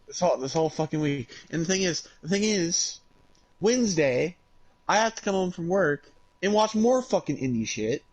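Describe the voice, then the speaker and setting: Higher-voiced co-host grumbling and swearing. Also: male voice, animated, moderate pace, poor audio. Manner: frustrated, swearing, laughing grumbles. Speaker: podcast co-host. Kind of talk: casual chat.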